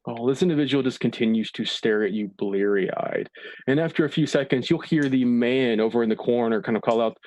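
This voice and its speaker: A man's voice: mid-range voice, fairly quick, no echo. Dry-voiced male game master narrating. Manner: descriptive and relaxed, with filler words. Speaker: dungeon master.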